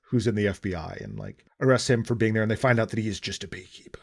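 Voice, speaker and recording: A man's voice: fairly low pitch, wildly swooping pitch, fast talker, vocal fry. A man co-hosting a podcast, chatting casually about a movie with lots of fillers and restarts. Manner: rambling, many fillers, swearing asides. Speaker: podcast co-host. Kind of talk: casual movie review chat.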